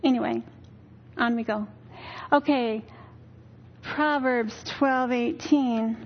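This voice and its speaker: A woman's voice: on the high side, fairly even intonation, slow, long pauses, dull audio, slight background noise. An older woman giving a weary, earnest personal testimony in church, telling her story candidly. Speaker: church speaker.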